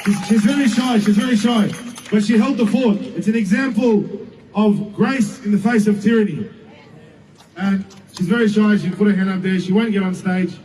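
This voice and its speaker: High-voiced man addressing a crowd. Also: moderate pace. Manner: emphatic, bursts into shouts, joking asides. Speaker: rally speaker. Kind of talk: public speech to a crowd. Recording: distant mic with faint outdoor noise.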